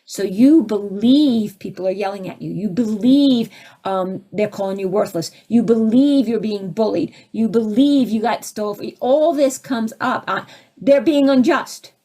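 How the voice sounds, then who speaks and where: A middle-aged woman, a spiritual teacher and counselor, giving an animated talk full of rhetorical questions. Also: mid-range voice, a little slow. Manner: animated, acts out quoted voices, rhetorical questions.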